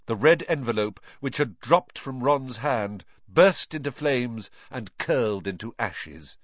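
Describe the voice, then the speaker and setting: Animated male audiobook narrator. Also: medium pitch, a little slow, dry recording, dull audio. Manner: animated, dramatic reading. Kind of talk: expressive storybook narration.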